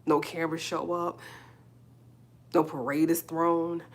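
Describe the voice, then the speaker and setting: A woman, hosting a live stream and speaking a halting, emotional personal monologue, repeating herself as she holds back tears. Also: low voice, little pitch movement. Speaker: livestream host. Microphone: phone or webcam on a live stream.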